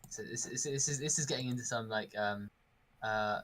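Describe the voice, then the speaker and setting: A man's voice: mid-range voice, normal speed, fairly bright tone. A man chatting as a friend on a game stream, teasing and repeating words as he hesitates. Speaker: co-host friend. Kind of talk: casual chat on a game stream.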